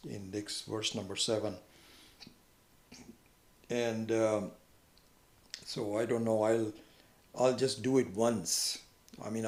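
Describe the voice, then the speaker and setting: A man giving a conversational lecture on scripture, who now and then jumps into a much higher voice when acting out what other people say. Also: darkish tone, roomy sound. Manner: conversational, acts out quoted people with sudden high pitch. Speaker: spiritual teacher.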